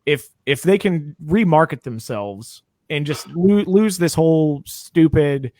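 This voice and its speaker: A man co-hosting a podcast in casual chat, joking and animated. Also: fairly high pitch, unhurried. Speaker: podcast co-host.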